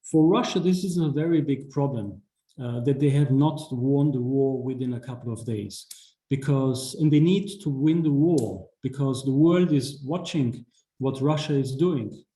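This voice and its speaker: A middle-aged man, giving an online talk over a video call in a measured way, with many fillers and restarts. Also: mid-range voice, mellow, reverberant. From Austria. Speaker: guest speaker, ambassador.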